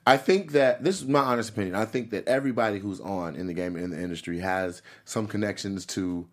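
A man co-hosting a casual entertainment news chat, relaxed, reading out headlines and adding side comments. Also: fairly low pitch, brisk.

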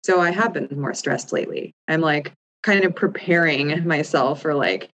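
A woman's voice: low voice, very animated, normal speed, a bit bright, a little hiss or hum, rough recording. A woman in her thirties, co-hosting a podcast, talking candidly and reflectively with lots of "like" fillers. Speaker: podcast co-host. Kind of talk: casual chat.

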